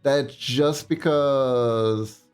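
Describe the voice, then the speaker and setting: Slow, rambling male streamer. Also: mid-range voice, smooth, faint music behind. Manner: rambling, animated storytelling. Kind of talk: casual livestream chat.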